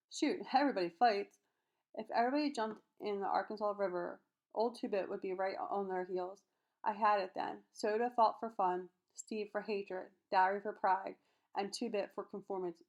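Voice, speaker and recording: A woman's voice: medium pitch, a little mellow, lo-fi sound. A woman reading a novel chapter aloud, voicing every character in her own voice and sometimes stumbling and restarting a word. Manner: reads all characters in her own voice, occasional slips and restarts. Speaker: audiobook reader.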